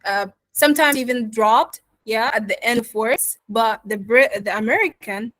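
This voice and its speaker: A woman teaching pronunciation in an online lesson, modeling words slowly and checking in with her students. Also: fairly high pitch, a bit bright, no echo, rough recording. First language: Arabic. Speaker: accent teacher.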